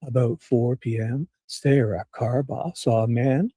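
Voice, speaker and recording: A man doing a pompous good-old-boy small-town prosecutor, reading in a slow drawl. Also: medium pitch, mellow, slightly rough, dry recording.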